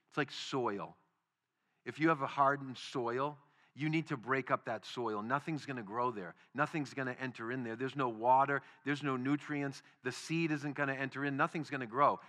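Male pastor, bright tone, emphatic sermon delivery with big swings in volume. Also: mid-range voice. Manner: emphatic, rising to loud stresses then dropping quiet.

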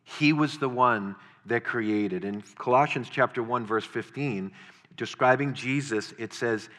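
A man's voice: mid-range voice, unhurried, fairly bright tone, big-room sound. A man preaching a sermon in an earnest way, repeating words for emphasis.

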